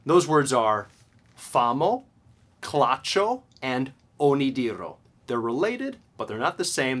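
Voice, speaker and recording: A man teaching a video grammar lesson, explaining in a lively way and often checking in with "okay?". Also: fairly high pitch. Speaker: language teacher.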